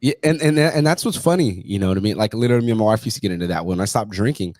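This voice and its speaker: A man's voice: fairly low pitch, expressive, very fast, a little mellow, no room sound. Blunt profane man telling his story. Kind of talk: casual conversation.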